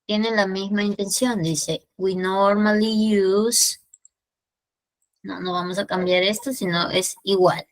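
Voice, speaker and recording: This English lesson comes from a Peruvian-accented woman who mixes Spanish explanations with slow, stretched English sample sentences. Her mid-range voice holds a steady tone, and the recording is dry and rough.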